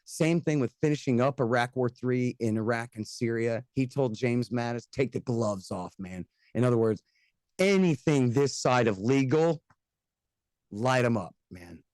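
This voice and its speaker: A man from the United States, a guest on a casual podcast interview, talking bluntly and sarcastically, with fast rants and mocking quoted voices. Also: mid-range voice, expressive, a little mellow, no echo. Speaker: guest, antiwar radio host and author.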